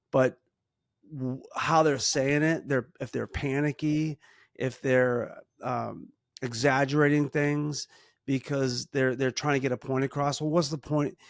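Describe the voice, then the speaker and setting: A middle-aged man co-hosting a casual advice chat. He talks earnestly about parenting, often restarts his sentences and slows down to stress a point. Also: medium pitch, creaky, dry recording, studio quality. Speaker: podcast co-host, parent.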